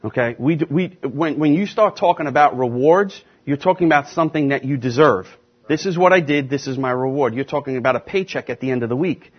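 Husky, emphatic male preacher. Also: mid-range voice. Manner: emphatic, stresses key words with slow deliberate repetition. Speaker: pastor teaching a class. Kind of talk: sermon-style Bible teaching. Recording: dull lo-fi recording.

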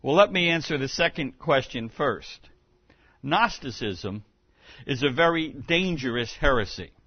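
A man preaching a sermon as pastor, teaching in a measured way with occasional restarts. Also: fairly high pitch, dry recording, muffled recording.

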